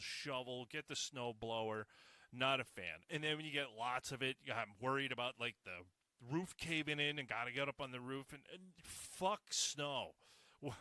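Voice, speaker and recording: A man hosting a casual solo podcast, talking in a profane, sarcastic, animated rant. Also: mid-range voice, no echo. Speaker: podcast host.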